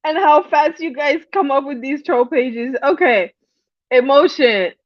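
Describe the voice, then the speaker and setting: A woman hosts a casual livestream from home, reading the chat and talking back to it. Her voice sits a bit high, and she rambles, restarts her sentences and keeps breaking into giggles. The sound is dull and dry, like a built-in device mic. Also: measured pace, dry recording.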